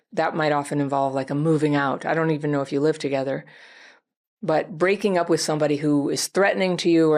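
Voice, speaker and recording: A woman with a low voice gives advice in reply to a viewer's letter. She sounds gentle and reflective and talks straight to the person who wrote in. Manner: gentle, reflective, speaks directly to the listener. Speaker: advice host.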